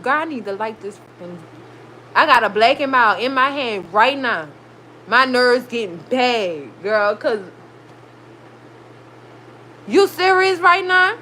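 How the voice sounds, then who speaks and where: Heated, high-voiced woman recapping a show. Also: moderate pace, poor audio. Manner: animated, swearing, heated reactions. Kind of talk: casual TV recap vlog. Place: her room at home. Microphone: recorded.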